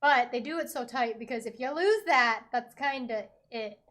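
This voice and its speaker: A woman's voice: on the high side, normal speed, fairly bright tone. A woman in casual chat, patiently explaining hospital procedures in medical terms.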